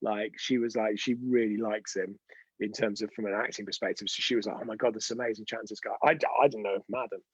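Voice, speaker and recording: A man's voice: fairly low pitch, fairly even intonation, quick pace, husky, no room sound, highs cut off. A man hosting an unscripted live stream, telling chatty, rambling anecdotes with frequent restarts. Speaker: host of a weekly live show.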